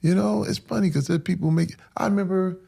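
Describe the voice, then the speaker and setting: Talking fast in a high, gravelly voice with a husky edge, this man opens up in an interview about his life. He presses his points with repeated phrases, earnest and emphatic, and sinks to a hushed whisper when things get moving.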